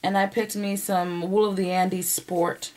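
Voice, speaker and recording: A woman's voice: medium pitch, measured pace, slight background noise. Chatty woman vlogging. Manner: chatty, animated, laughs often. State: emotional, near tears at times. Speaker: knitting podcast host. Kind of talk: casual chat to camera.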